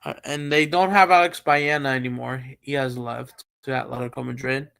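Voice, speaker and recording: A man's voice: medium pitch, fairly even intonation, normal speed, creaky, fairly bright tone, clear, resonant tone. A man hosting a live stream, chatting casually about football and thinking aloud with many fillers and restarts. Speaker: streamer host.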